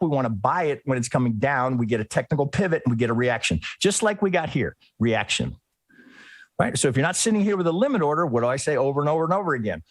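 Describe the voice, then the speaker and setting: Animated, husky-voiced male trading teacher. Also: fairly high pitch, dry recording. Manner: animated, acts out traders' inner thoughts. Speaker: trading educator. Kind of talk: live screen-share trading lesson.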